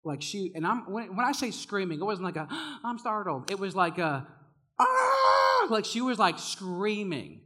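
A young man preaching to a youth group, telling a funny story about his own failures, with laughs and lively swings. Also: high-pitched, moderate pace, hardly any pauses. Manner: animated, self-mocking, laughs often. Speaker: youth pastor. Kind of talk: sermon storytelling.

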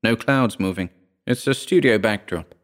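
A man's voice: fairly low pitch, normal speed, fairly bright tone, natural voice. A man doing a scoffing know-it-all party guest. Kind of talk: dramatic story reading.

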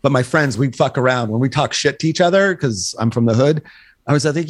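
A man's voice: mid-range voice, brisk, no room sound. A man in his sixties, a guest photographer in a casual podcast chat, telling profane stories, acting out dialogue and laughing at his own punchlines. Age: 60s. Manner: animated storyteller, profane, acts out dialogue.

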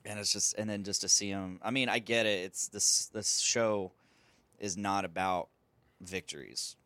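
A man's voice: fairly low pitch, fairly even intonation, unhurried, bright, forceful tone, no room sound. A man in casual chat, laid-back and laughing often.

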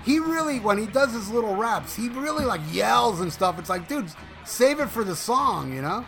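A man with a bright, tense voice set fairly high, chatting casually. He talks enthusiastically and swears readily, with faint music in the background. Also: lively intonation, normal speed, gravelly. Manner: enthusiastic, profane. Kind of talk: casual chat.

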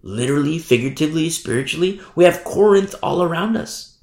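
A man's voice: fairly high pitch, lively intonation, fairly quick, a little mellow. A man preaching a sermon as pastor, emphatic and repetitive, often asking his listeners "you see?". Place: church hall. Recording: echoey room.

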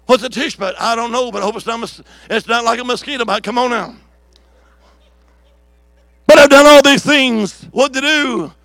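High-pitched, fiery preaching evangelist man. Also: fast, few pauses, no room sound. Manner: fiery preaching with shouts and call-and-response; rhythmic repeated declarations. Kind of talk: revival sermon. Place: church service.

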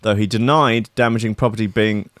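A man's voice: lowish voice, steady tone, fairly quick, fairly bright tone, no room sound, clean studio sound. A man co-hosting a casual comedy chat, reading news stories aloud and breaking off into joking asides.

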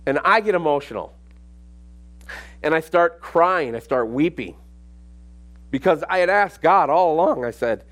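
A middle-aged man preaching a sermon, telling a personal story and building to emphatic, repetitive exhortation. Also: on the high side. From Minneapolis. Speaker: pastor.

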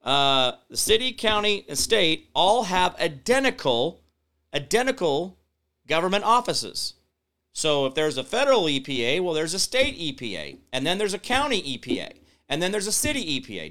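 Bright, crisp-voiced male talk show host. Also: a little high, sing-song, normal speed. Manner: rambling, reads out viewer comments and replies; emphatic, builds up loudly when explaining. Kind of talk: casual live-stream commentary.

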